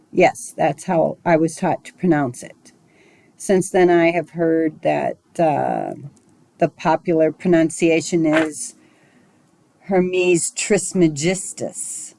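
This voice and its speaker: A woman giving a recorded spiritual lesson as its teacher, talking in a measured, musing way with small digressions. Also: deep voice, dark tone, no echo, poor audio.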